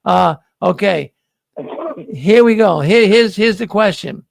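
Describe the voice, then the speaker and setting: A man's voice: high-pitched, animated, slow pace, vocal fry. A man hosting a casual live-stream quiz, jokey and playful, often repeating himself. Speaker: show host running a quiz.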